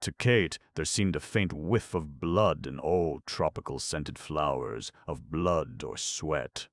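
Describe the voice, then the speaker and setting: A man narrating a novel as an audiobook, in a measured, unhurried reading. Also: extremely low pitch, no room sound.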